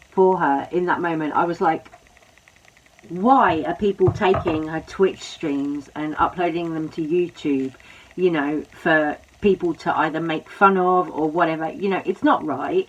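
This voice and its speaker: A woman hosting a commentary video, speaking sympathetically and rambling with many "you know" fillers. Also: lowish voice. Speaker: commentary host. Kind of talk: commentary talk. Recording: dull lo-fi audio.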